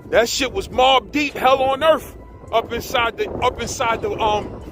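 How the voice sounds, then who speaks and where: New York man, high-pitched, animated profane storyteller with music underneath. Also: measured pace. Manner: animated, profane, slang-heavy, mimics others. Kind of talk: casual storytelling.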